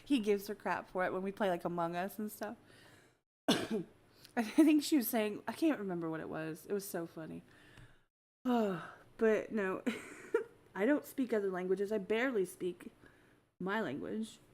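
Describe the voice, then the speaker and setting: An American woman in her younger years chats loosely on her podcast, breaking into laughter between sentences. Her talk is blunt and full of swearing, told with lively storytelling energy. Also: mid-range voice, measured pace. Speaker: podcast host. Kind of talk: casual chat.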